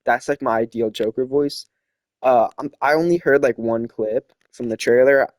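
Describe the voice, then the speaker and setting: A man's voice: mid-range voice, fairly even intonation, moderate pace, dry recording. Rambling young man, dry close sound. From not from South America. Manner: rambling, filler-heavy, opinionated. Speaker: host. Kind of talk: casual opinion chat.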